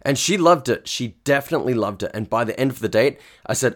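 A man's voice: medium pitch, animated, fast, hardly any pauses. A young man hosting a podcast, giving casual advice in a chatty, slang-heavy way and laughing often. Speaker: podcast host and speed dating organiser.

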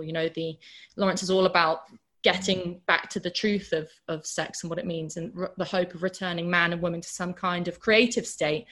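A woman's voice: fairly low pitch, fairly bright tone. A woman giving an informal literature lecture, talking through a novel with fillers and reading quoted passages aloud with rising force.

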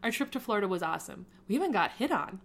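A woman voicing a witty, teasing middle-aged mom in an amateur read-aloud story. The delivery is playful and close to the reader's own mid-pitched voice. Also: big pitch swings, racing, creaky. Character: witty, warm middle-aged mother and wife.

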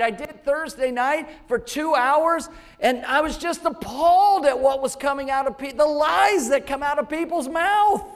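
A man preaching a sermon, emphatic and repeating key phrases to the congregation. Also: very high voice. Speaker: pastor.

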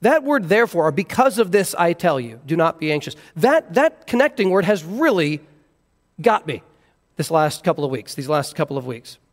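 Man, pastor, expository sermon, earnest, high voice, long hall reverb. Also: big pitch swings, moderate pace. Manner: earnest, explaining scripture verse by verse.

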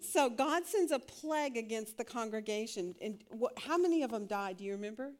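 A woman's voice: on the high side, expressive, fairly quick, darkish tone. A woman teaching a Bible study class, asking questions and laughing often.

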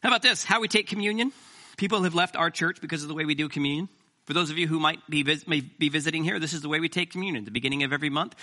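A middle-aged man preaching a sermon as pastor, animated and joking with the congregation. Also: fairly high pitch.

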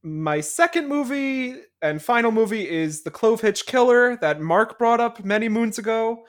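A woman co-hosting a podcast, giving casual movie reviews in an animated, giggly way. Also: on the high side, normal speed. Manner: animated, giggly, acts out quotes. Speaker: podcast co-host.

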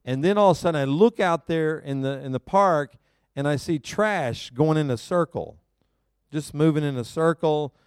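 Clear-voiced, animated man preaching. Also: on the high side, moderate pace, no echo, clean studio sound. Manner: animated, self-mocking storyteller who laughs often. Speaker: pastor. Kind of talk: sermon with personal storytelling. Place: church service before a live congregation.

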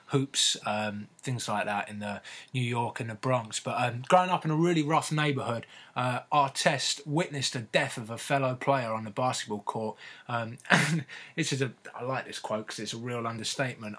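A man telling a story in casual podcast chat, laughing often and filling pauses with ums and uhs. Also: medium pitch, fairly bright tone, husky.

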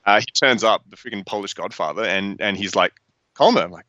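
Australian man, low voice, bright forceful tone, rambling sweary storyteller, dry muffled sound. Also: fast talker, no room sound. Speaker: guest. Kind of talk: casual podcast interview.

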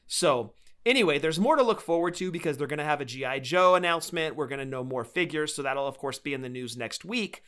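Casting: male podcast co-host, bright and forceful tone, fairly high voice, eager. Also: animated, fast, clean tone. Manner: enthusiastic collector talk. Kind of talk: casual chat.

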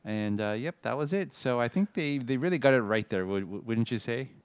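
A man hosting a casual film podcast, upbeat and quick to laugh. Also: mid-range voice, lively intonation, clear, resonant tone, no echo. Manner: upbeat, laughs easily, reads out show plugs. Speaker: podcast host.

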